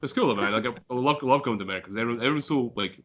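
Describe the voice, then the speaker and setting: Fast-talking Scottish man. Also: medium pitch, a bit bright, lo-fi sound. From Scotland. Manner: rambling storyteller, swears freely. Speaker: band member guest. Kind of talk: casual chat.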